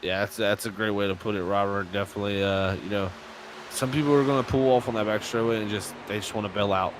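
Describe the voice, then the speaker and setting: A man's voice: fairly low pitch, steady tone, fast, noisy background. A man calling a sim racing event as play-by-play commentator, chatty and laughing between his remarks.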